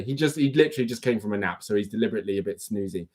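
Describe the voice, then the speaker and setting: A man's voice: fairly low pitch, very fast, few pauses, mellow. A young man hosting a casual quiz livestream on his phone, chatty and teasing as he reads out questions and multiple-choice options. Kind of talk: casual live-stream chat.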